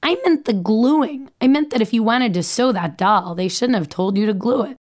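A woman voicing a gentle, thoughtful young girl who talks to her mother in a consoling way, in a read memoir. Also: a little high, moderate pace, voice pushed up, natural voice.

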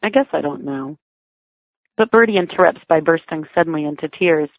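A woman's voice: sits low, brisk, no echo. A mother reading her own memoir aloud in a wry, reflective storytelling manner. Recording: thin phone-like sound, dry.

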